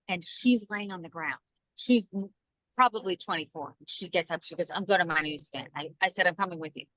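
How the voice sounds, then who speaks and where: Animated woman telling stories, dry sound. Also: mid-range voice, no room sound, rough recording. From New Jersey. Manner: animated, acts out quoted dialogue in lively voices. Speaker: TV news journalist, podcast guest. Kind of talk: casual storytelling chat.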